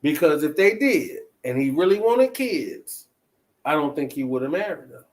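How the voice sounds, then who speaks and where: A man's voice: on the high side, very animated, normal speed, rough recording. A man hosting a talk show, chatting casually and putting questions to his listeners. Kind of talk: casual commentary.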